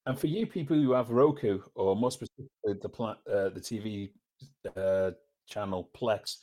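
Man, from Britain, fairly low voice, wry, conversational, podcast co-host. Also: normal speed, darkish tone. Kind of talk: casual film podcast chat.

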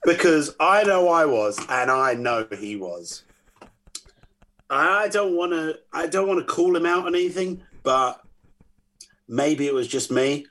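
A man, a podcast guest chatting casually and telling animated stories with quoted voices. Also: a little high, a little slow. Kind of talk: casual chat.

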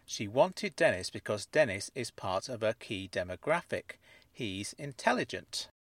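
A man's voice: fairly low pitch, big pitch swings, measured pace, no echo. A man narrating a first-person mystery story in an earnest storytelling way.

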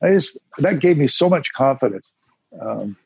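A man's voice: mid-range voice, animated, moderate pace, creaky, darkish tone, breathy edge, dry recording, highs cut off. A man telling stories as an interview guest in a rambling, casual way, acting out the voices of people he quotes. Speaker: guest, musician and former radio announcer. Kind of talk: casual storytelling.

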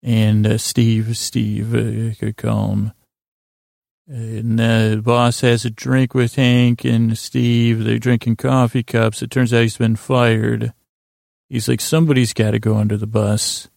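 A man hosting a sleep podcast, recapping a story in a rambling, halting way with many fillers. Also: medium pitch, monotone, gravelly, darkish tone, no room sound, clean studio sound. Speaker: podcast host.

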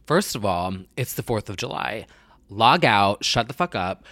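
A man's voice: medium pitch, a bit bright, no echo. A man ranting in a casual vlog about pop culture, sassy and exasperated, often swearing.

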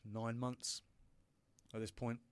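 A man's voice: mid-range voice, flat delivery, takes it slowly, clean tone. A British man in his thirties, a startup founder telling a hard personal story in an interview, emotional, with frequent restarts and swearing. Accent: British English.

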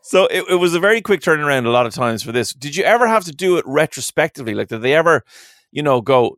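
A man's voice: fairly high pitch, lively intonation, fast, fairly bright tone, no echo, studio quality. A man co-hosting a podcast, asking curious follow-up questions. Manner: curious, brief interjections and questions. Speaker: podcast co-host. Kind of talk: casual chat.

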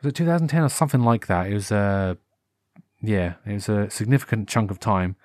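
On his own podcast, a British man with a lowish voice talks briskly and loosely in an unscripted monologue. He keeps amending what he says and bursts into animated impressions, recorded through a wired headphone mic with clean, dry studio sound.

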